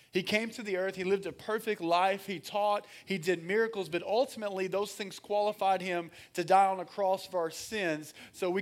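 A man preaching a sermon as pastor, energetic, calling on the congregation to answer and reading scripture aloud with frequent fillers. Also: high voice. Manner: energetic, calls for congregation responses.

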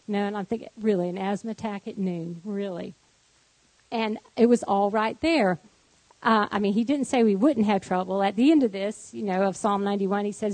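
A woman in her thirties sharing a personal faith testimony, telling it as a lively story and acting out both sides of the quoted conversations. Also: fairly high pitch, moderate pace, no echo, poor audio. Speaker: guest giving a testimony.

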